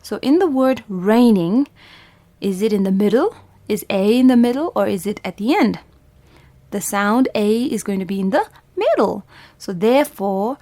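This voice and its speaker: A woman's voice: mid-range voice, a little mellow, no room sound. A woman from Bhutan teaching a phonics lesson to young children, patiently sounding out letters and repeating words. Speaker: primary school English teacher.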